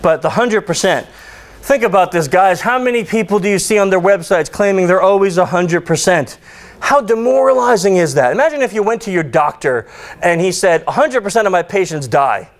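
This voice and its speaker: A man's voice: high-pitched, fairly quick. A man giving a conference talk, joking and ranting as he tells stories to the audience. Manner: joking, ranting, animated storytelling. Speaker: conference speaker. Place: conference hall.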